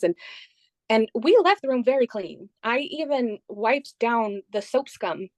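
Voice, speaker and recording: A woman being interviewed, telling the story of a trip in a lively conversational way and quoting what others said. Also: fairly high pitch, a little slow, no echo. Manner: animated retelling, quoting others.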